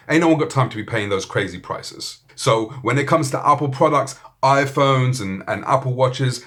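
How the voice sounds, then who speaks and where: Reviewing a gadget, a British-accented man keeps things relaxed, profane and playful, with plenty of banter. His voice is on the low side but fairly bright in tone.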